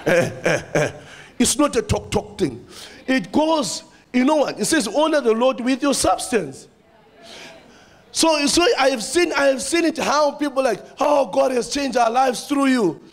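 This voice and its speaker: With a very high-pitched voice and a measured pace, a man preaches animatedly in church in a South African accent. He echoes his own phrases and calls out to the congregation.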